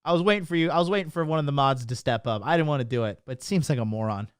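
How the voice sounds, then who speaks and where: A man's voice: mid-range voice, very fast, smooth, no room sound, studio quality. A man coaching on dating, ranting on a livestream to his chat in a brash, boastful and mocking way, punctuating points with "okay?". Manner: emphatic, keeps asking "okay?".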